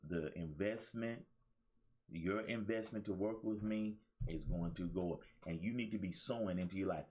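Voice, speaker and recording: A man's voice: low-pitched, darkish tone. A man hosting his own motivational talk show, preaching to listeners with repeated phrases. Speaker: life coach and show host.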